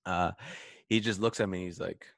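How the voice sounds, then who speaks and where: Deep gravelly laid-back man. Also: steady tone, moderate pace, fairly bright tone, dry recording, clean studio sound. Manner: laid-back, swears often, laughs while telling stories. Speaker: podcast co-host, Navy corpsman veteran. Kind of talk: casual profane storytelling chat.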